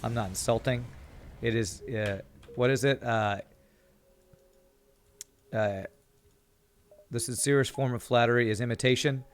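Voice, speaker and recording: Pausing often, a Californian game streamer speaks a bit slowly in a mid-range voice with a steady tone. His chat with viewers wanders, with words repeated as he thinks, and fatigue from a busy season shows through.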